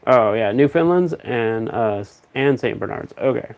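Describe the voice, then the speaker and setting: A man chatting casually on a stream, rambling and thinking out loud in a relaxed way. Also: medium pitch, moderate pace, gravelly. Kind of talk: casual chat.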